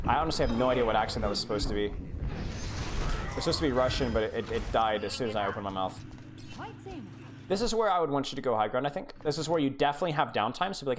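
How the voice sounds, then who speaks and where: A man's voice: mid-range voice, racing, noisy background. A man coaching a player through a replay on a live stream, blunt and exasperated, repeating his urging.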